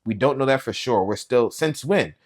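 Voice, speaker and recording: A man reading aloud, voicing a frantic middle-aged mother on the phone who talks in a raised, sharp, demanding way. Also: mid-range voice, expressive, moderate pace, voice pushed up, lightly acted.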